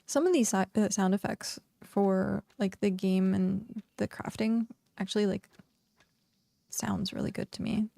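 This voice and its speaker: A woman's voice: mid-range voice, unhurried, vocal fry, dark tone, no echo. A woman streaming a game and chatting casually, filling her talk with "like" and laughing often. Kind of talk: casual livestream chat.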